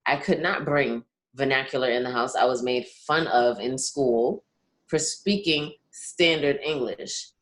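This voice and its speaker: Low-voiced Caribbean-born woman, earnest. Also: a little slow. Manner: earnest, keeps asking "you understand what I'm saying?". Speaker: podcast co-host. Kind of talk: casual podcast discussion.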